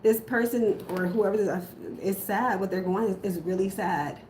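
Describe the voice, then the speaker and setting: A woman's voice: medium pitch, normal speed, darkish tone. A woman gives a casual tarot reading in a mid-range voice, driving her warnings home with emphatic repetition. Her voice rings in an echoey room. A faint noise sits underneath. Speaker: tarot reader.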